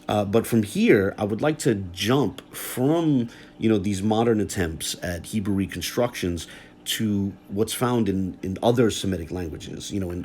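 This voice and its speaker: Deep-voiced man giving a scholarly talk. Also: vocal fry, a little mellow, a little hiss or hum. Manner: measured, often adds "right?" and "you know". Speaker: scholar explaining texts. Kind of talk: lecture-style video talk.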